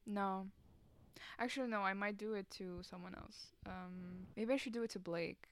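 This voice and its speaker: A woman's voice: mid-range voice, steady tone, moderate pace. A nineteen-year-old woman co-hosting a podcast in casual chat, swearing lightly and trailing off with fillers. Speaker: podcast co-host.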